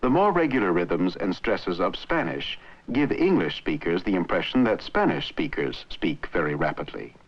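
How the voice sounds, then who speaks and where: A man giving measured, scripted narration for an old educational film on language. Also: deep voice, very animated. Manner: measured, explanatory. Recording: dull lo-fi old film soundtrack.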